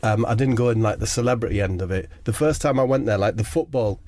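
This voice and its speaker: A man's voice: fairly low pitch, fast talker, darkish tone. A man co-hosting a comedy podcast, telling a rambling story in a conspiratorial way and checking in with his listener. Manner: conspiratorial, keeps checking in with "right?" and "yeah?".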